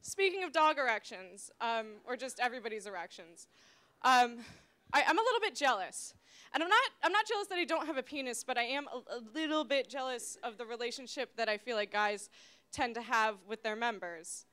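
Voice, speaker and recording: Bright high-pitched young woman comic. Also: lively intonation, brisk. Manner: rambling, self-deprecating, shifts into loud shrill voices for quoted bits. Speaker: stand-up comedian. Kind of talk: stand-up comedy set.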